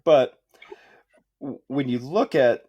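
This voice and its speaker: A man co-hosting a podcast in casual chat, joking, swearing freely and thinking out loud. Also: medium pitch, slow, highs cut off. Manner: joking, profane, thinking aloud. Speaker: podcast co-host.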